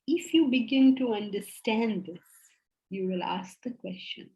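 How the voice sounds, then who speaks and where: A woman's voice: fairly high pitch, measured pace, muffled recording. A woman teaching a philosophy class, making emphatic points and putting rhetorical questions to her students. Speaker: spiritual teacher.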